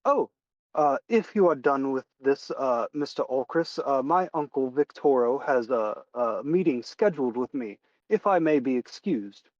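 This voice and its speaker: A man's voice: medium pitch, expressive, a little slow, a little mellow, dry recording, muffled recording, lightly acted. A man voicing a polite, hesitant young man in a tabletop game.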